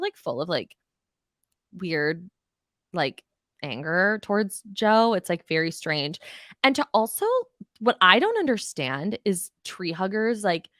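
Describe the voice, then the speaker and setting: A woman's voice: fairly low pitch, fairly bright tone, no echo, clean studio sound. A woman hosting a podcast, ranting bluntly and profanely in a casual recap of reality TV. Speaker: podcast host.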